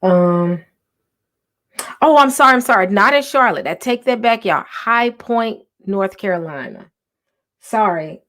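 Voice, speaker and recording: A woman hosting a casual livestream from home, talking softly with many ums and restarts. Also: medium pitch, lively intonation, measured pace. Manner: soft, half-whispered talk with many ums and restarts. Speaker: livestream host.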